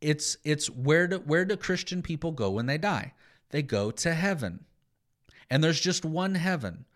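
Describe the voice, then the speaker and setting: A man's voice: a little high, lively intonation, measured pace. A man teaching Scripture on a podcast, explaining passages with sarcastic asides.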